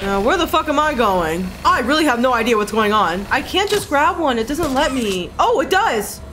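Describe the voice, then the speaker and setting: A woman's voice: sits high, big pitch swings, normal speed. A young woman streaming a horror game from home, swearing often and shrieking in fright. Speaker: gaming streamer. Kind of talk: live gameplay commentary. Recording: game music playing behind.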